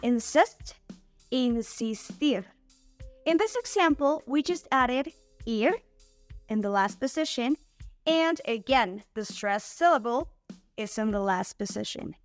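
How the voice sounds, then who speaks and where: A woman hosting an online Spanish lesson, saying example words slowly and clearly for learners. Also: on the high side, expressive, faint music behind. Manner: clear, slow model pronunciation of words. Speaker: Spanish teacher and channel host.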